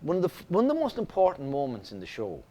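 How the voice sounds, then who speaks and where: Animated Irish male storyteller. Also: a little high, fast talker. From Ireland. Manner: animated storyteller, many restarts. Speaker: guest actor. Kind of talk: casual interview chat.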